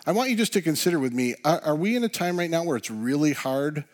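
A man preaching a sermon as pastor, earnest, often dropping to a soft hush on key words. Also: on the high side, lively intonation, fast talker.

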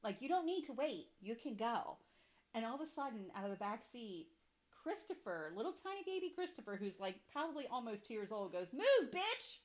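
A woman's voice: fairly high pitch, very animated, brisk. A young adult woman hosting a podcast, telling stories with a lot of swearing and laughter in casual chat. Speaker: podcast host.

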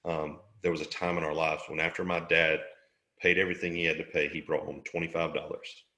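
A man's voice: extremely low pitch, flat delivery, a little fast, sharp tone, echoey room. A middle-aged man from Alabama, an interview guest telling a story in a casual, jokey way and laughing often.

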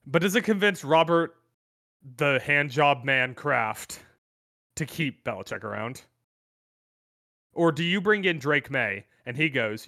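Lively bright-voiced man joking about football. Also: on the high side, a little slow, long pauses, no echo, studio quality. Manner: animated, joking, teasing. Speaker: podcast co-host. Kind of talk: casual sports chat.

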